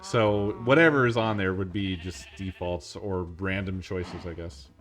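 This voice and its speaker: Male streamer, low voice, casual rambling chat, laughs and swears, faint music behind. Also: fairly even intonation, measured pace, fairly bright tone.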